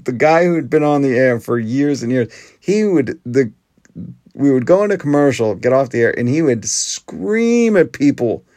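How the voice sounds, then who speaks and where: A man's voice: medium pitch, a little mellow, no room sound, studio quality. A man hosting a podcast, talking in an earnest, conversational monologue that often restarts its sentences. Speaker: podcast host. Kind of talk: casual monologue.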